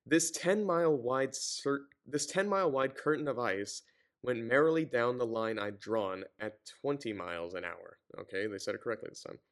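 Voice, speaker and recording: A man's voice: medium pitch, moderate pace. A man reading a novel aloud, often stumbling, correcting himself and breaking off with sarcastic commentary. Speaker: reader and commentator.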